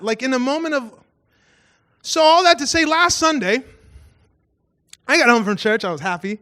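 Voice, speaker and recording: A man pastor giving a casual storytelling sermon, animated and self-mocking, acting out voices in his stories. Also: sits high, normal speed.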